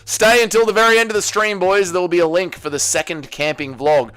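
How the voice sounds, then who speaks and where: A man's voice: sits high, steady tone, fairly quick, a bit bright, clean tone. A young man hosting a casual livestream, reading viewer messages aloud and answering them with crude, joking banter. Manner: crude, joking, swears a lot. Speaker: livestream host.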